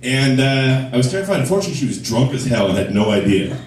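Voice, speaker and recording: Crude stand-up comic in echoey club. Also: male voice, medium pitch, sing-song, quick pace, darkish tone, slight background noise. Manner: crude, self-mocking punchlines. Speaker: stand-up comedian. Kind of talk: stand-up set at a comedy club. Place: comedy club stage. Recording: echoey club, mic from a distance.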